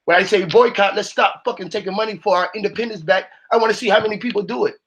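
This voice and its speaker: A man's voice: high-pitched, quick pace, fairly bright tone. A man on a live call-in panel, delivering a profane, fired-up, preachy rant. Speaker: panel speaker.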